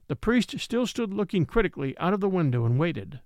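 A man narrating a classic mystery audiobook in a measured, expressive storytelling manner. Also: sits high, no echo, clean studio sound.

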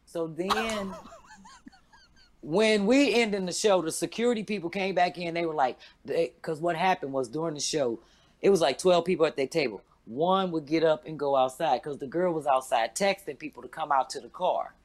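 A woman in her fifties, a stand-up comedian, telling a story in a loud, profane, animated way and acting out every quote. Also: moderate pace. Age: 50s. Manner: loud, profane, acts out quotes with big pitch jumps.

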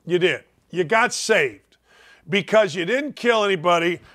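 A high-voiced older man ranting on a sports talk show. He mocks loudly and then sinks into slow, low asides to drive a point home. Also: lively intonation. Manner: loud, mocking, dips low and drawn out for emphasis. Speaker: radio sports host. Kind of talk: opinionated sports talk rant.

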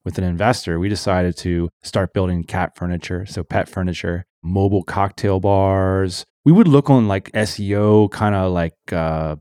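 Low voiced guy talking shop in an interview, laid back, super dry close sound. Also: fairly even intonation, moderate pace, few pauses, dark tone, no room sound. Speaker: guest entrepreneur. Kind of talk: casual interview chat. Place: office.

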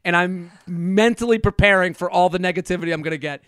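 A man's voice: sits high, quick pace, fairly bright tone, clear, resonant tone, no echo, studio quality. A man who is a comedian guest, telling casual stories in a rambling, self-interrupting way and laughing often. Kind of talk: casual storytelling.

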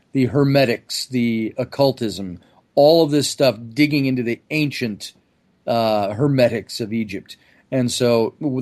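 A man talking as a podcast guest in an easygoing, promotional way. His voice sits at an ordinary middle pitch, and he rambles through lists of names and topics. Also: a little mellow. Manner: chatty promotional, piles up lists. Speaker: guest, event organizer. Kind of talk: casual podcast interview.

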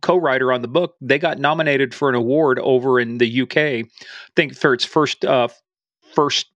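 A man's voice: medium pitch, moderate pace, a bit bright, dry recording. A man hosting a podcast in casual chat, playful and jokey, tossing in bits of Spanish. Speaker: podcast host.

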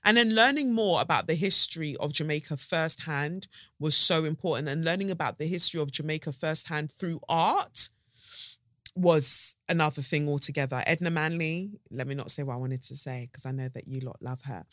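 Low-voiced woman podcasting. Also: moderate pace, no echo, clean studio sound. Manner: rambling, animated, slangy. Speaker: podcast host. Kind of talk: casual solo podcast chat. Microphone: studio podcast mic.

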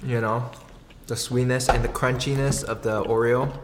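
A man's voice: medium pitch, steady tone, normal speed, noisy background. A man reacting enthusiastically while tasting food.

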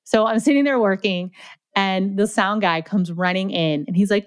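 A young adult woman as a podcast guest, chatting and telling stories in a lively way, with lots of "like" fillers. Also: medium pitch, moderate pace, smooth, dry recording. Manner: chatty, animated, heavy use of "like". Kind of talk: casual storytelling interview.

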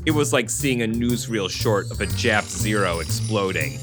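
A man hosts a casual podcast, joking with fillers and reading passages of a hardboiled novel aloud. His pitch swings a lot as he talks. Music runs under his voice. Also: moderate pace. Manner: animated, laughing, many fillers. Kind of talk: casual chat and book reading.

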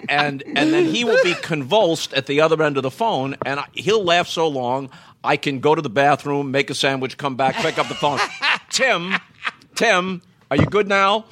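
A male sportscaster guest telling a casual, lively anecdote. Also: a little high, normal speed, slight background noise. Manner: lively storyteller.

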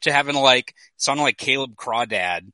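A man co-hosting a casual sports podcast, blunt and quick to swear and heckle. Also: medium pitch, expressive, sharp tone, no echo. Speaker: podcast co-host.

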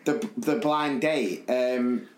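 A young man hosting a podcast, telling an animated, rambling story and laughing as he goes. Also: medium pitch, very slow, over music. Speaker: podcast host. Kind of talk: casual storytelling chat. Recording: echoey room.

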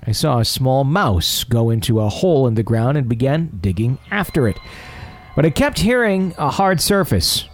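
A man's voice: mid-range voice, very animated, normal speed, soft background music. A middle-aged man hosting a paranormal podcast, chatting casually and reading listener letters with self-deprecating humor. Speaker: podcast host.

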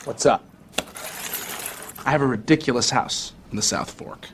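An actor playing a brash young stockbroker boss, boasting to a room of trainees in a cocky, swaggering manner. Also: male voice, mid-range voice, moderate pace, noisy background, natural voice. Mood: boastful. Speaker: film character.

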